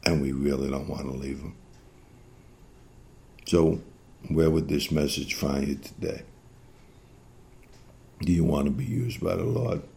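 Deep gravelly-voiced male preacher. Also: fairly even intonation, unhurried, pauses often, dark tone. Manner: earnest, exhorting, repeats phrases. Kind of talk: sermon.

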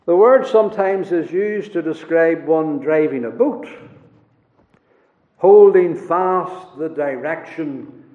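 A man preaching a sermon in a slow, emphatic way, dropping to a hush at key words, recorded in a church. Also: a little high. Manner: slow, emphatic preaching with dramatic drops in volume. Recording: roomy, echoey church hall, dull lo-fi sound.

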